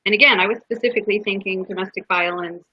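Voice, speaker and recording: A woman's voice: mid-range voice, steady tone, quick pace, no room sound. A woman guest on a podcast, earnestly telling a personal story in a heartfelt way, with restarts. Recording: dull lo-fi podcast audio.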